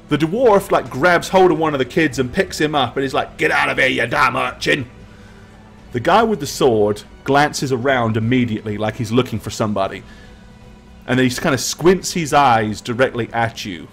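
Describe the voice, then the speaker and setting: A man's voice: on the high side, husky. A man narrating as game master of a tabletop game, with rambling, filler-heavy speech.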